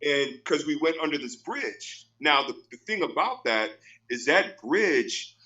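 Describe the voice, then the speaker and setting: A man's voice: on the high side, lively intonation, measured pace, muffled recording, noisy background. A man hosting a casual podcast, telling stories animatedly and repeating his phrases. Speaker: podcast host.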